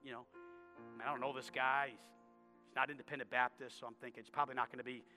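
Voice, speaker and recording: A man preaching a sermon, telling a story with soft asides and sudden shouted prayers. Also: mid-range voice, level tone, quick pace, soft background music. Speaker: pastor.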